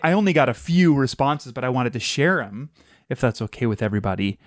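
A podcast host tells stories in a loose, chatty way and mimics the sounds in them. The voice sits at a middle pitch. It comes across dry and close to the mic. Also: fast talker, no room sound. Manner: chatty, animated storyteller who imitates sounds. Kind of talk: casual storytelling chat.

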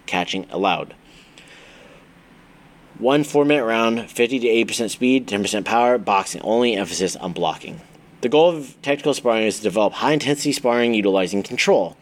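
A man, a Muay Thai coach, reading his own training book aloud in a steady instructional way, listing drills item by item with occasional stumbles. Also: on the low side.

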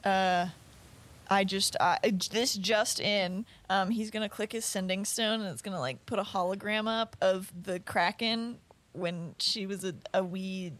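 A woman running a tabletop game as game master, narrating in a casual, joking way. She drops quick asides between the descriptions of the scene. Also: mid-range voice, a bit bright.

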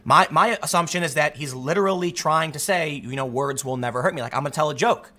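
Male commentator, bright tense voice, slightly high, emphatic, animated. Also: quick pace. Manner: emphatic, animated, repeats words when excited. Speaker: political commentator. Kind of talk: opinionated solo commentary.

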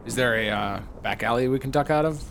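A man playing a tabletop game, chatting in hesitant, quick reactions. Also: mid-range voice, fairly bright tone, a little hiss or hum. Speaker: player. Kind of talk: tabletop role-play chat.

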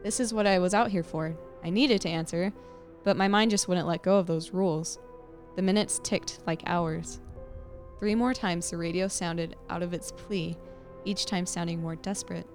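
A woman podcast host reading a creepy story aloud with expressive, suspenseful storytelling. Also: on the low side, moderate pace, soft background music.

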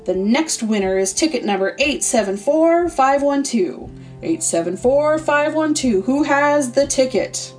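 A woman's voice: high-pitched, expressive, measured pace, darkish tone, voice pushed up. A woman voicing a weary, irritable middle-aged male actor who forces politeness through his flustered speech. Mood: strained. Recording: distant mic, faint music.

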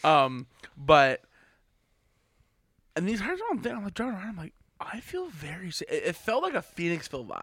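A man's voice: high-pitched, very animated, normal speed, long pauses, fairly bright tone, husky, no room sound, clean studio sound. A man hosting a podcast, chatting in a laid-back, casual way. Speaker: podcast host. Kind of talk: casual chat.

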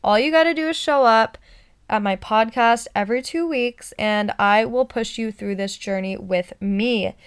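A woman hosting her own motivational podcast, talking excitedly in an encouraging, pep-talk way. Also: on the high side, moderate pace, clean tone. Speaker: podcast host.

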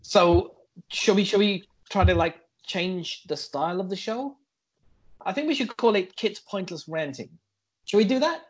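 A man's voice: high voice, normal speed, husky. A man co-hosting a casual podcast, teasing his partner in a playful way. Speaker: podcast co-host.

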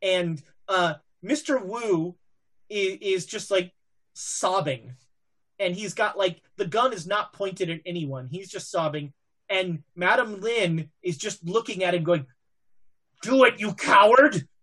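A woman running a tabletop game as game master, narrating in a hesitant way full of fillers. She talks very slowly in a slightly low voice. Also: a bit bright.

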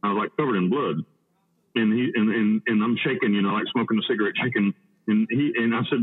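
Gruff man on a tinny echoey line. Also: lowish voice. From United States. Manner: blunt, profane, halting with many restarts. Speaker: podcast guest. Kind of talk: casual storytelling. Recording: tinny phone-like line with long reverb.

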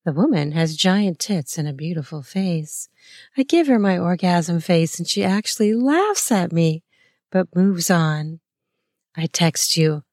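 A woman narrates an intimate first-person erotic story at a languid, unhurried pace. Her voice sits slightly low, breathy and playful, dotted with soft laughs and gasps. The recording is close and dry, with no room sound. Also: expressive, no room sound.

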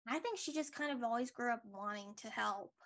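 Woman, podcast co-host, gravelly voice, slightly high, rambling casual chat. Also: a little fast, a bit bright. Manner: chatty, rambling, frequent likes and restarts.

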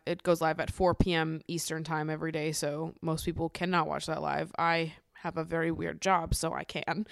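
A woman's voice: on the low side, smooth, dry recording, studio quality. A young adult woman hosting a casual chat podcast, bubbly and gushing, laughing often. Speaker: podcast host.

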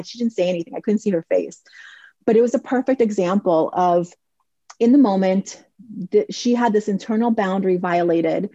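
This podcast host, a woman in her forties, gives casual advice through chatty stories, voicing other people's lines. Her mid-range voice has a dark tone, and the muffled recording has no room sound.

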